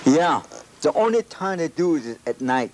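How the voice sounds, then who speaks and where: An older Navajo man, a traditional singer whose first language is Navajo, answers interview questions in halting, restarting English. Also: a little high, very animated, a little mellow. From Navajo Nation. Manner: halting, searching for words, many restarts. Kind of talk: archival interview.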